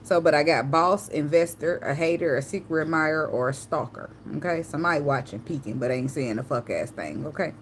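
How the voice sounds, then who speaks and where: Female tarot reader, AAVE, low pitch, chatty tangents, faint room noise. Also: fairly quick, few pauses. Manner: chatty, tangential, slangy, swears and laughs. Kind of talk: casual channeled tarot reading.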